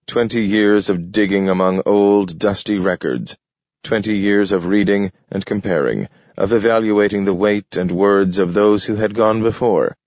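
Male audiobook narrator, very low and slow, measured and descriptive, dull audio. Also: darkish tone, no echo. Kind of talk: scripted narration.

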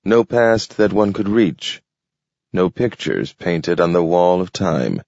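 A man reading a story aloud in a measured, contemplative narration. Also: low-pitched, lively intonation, creaky, darkish tone, no echo, muffled recording. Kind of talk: scripted narration.

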